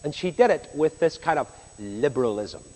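Male preacher, sermon, emphatic, rises loud then drops quiet, lively pitch, long hall reverb. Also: moderate pace. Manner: emphatic, swings between loud and hushed.

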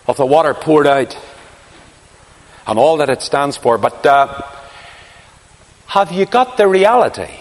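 Dramatic preacher man in a reverberant hall. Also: on the high side. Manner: dramatic storytelling, swings from hushed to crying out. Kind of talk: sermon.

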